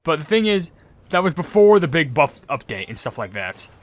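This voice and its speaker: A man doing casual gaming commentary, rambling with lots of "like" and "you know", turning loud and excited over game pulls. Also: on the high side, normal speed, dry recording. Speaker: gaming YouTuber.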